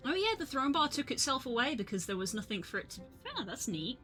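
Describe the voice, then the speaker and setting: A woman's voice: sits high, very animated, fast, sharp tone, faint music behind. A woman streaming a game live, chatting casually and reading game dialogue aloud.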